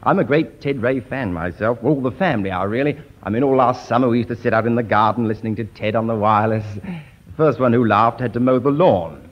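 A man's voice: medium pitch, a little fast, slight background noise. A man doing a mock-solemn comic stand-up routine on an archival radio broadcast. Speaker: comedian.

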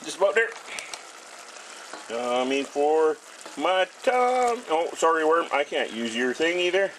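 With lively intonation and a measured pace, this middle-aged man's fairly high, slightly bright voice carries over slight background noise. He's a blunt vlogger, swearing nonstop and rambling as he cooks and shows off his small house in a casual profane rant.

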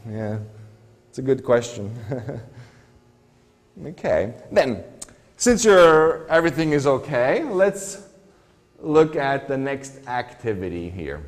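Male english teacher in a classroom, slow and patient, lots of questions, pitch jumps around, echoey room. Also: darkish tone. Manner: patient, asks many questions. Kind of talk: classroom lesson. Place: school classroom.

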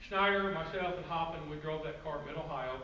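A man's voice: fairly high pitch, brisk, sharp tone. Man telling racing stories in a roomy hall. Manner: storytelling with asides to the audience. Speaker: guest speaker. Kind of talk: conversational presentation to a club audience. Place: meeting room with an audience. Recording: roomy, distant, faint background noise.

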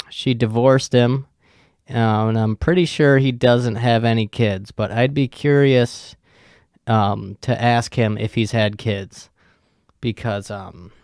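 A man's voice: fairly low pitch, clear, resonant tone, no room sound, clean studio sound. A young man hosting a podcast, telling a rambling story from work, swearing often and trailing off with ums. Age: young adult. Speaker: podcast host. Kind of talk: casual storytelling.

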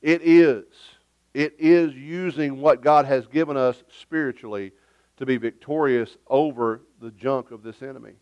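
A man's voice: medium pitch, steady tone, a little slow, darkish tone, smooth, dry recording, muffled recording. A man preaching a sermon as pastor in a church, emphatic and conversational, with joking asides. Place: church sanctuary.

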